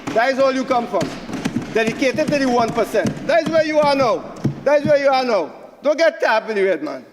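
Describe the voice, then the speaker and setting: A man's voice: very high voice, lively intonation, fairly quick, in a large hall, noisy background. A man with a Trinidadian accent giving a combative senate debate speech, repeating phrases for emphasis. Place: senate chamber.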